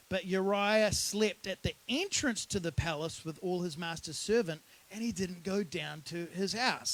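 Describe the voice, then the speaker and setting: A man's voice: sits high, a bit bright, low-quality recording. A man preaching a sermon as pastor, in a casual, conversational storytelling manner.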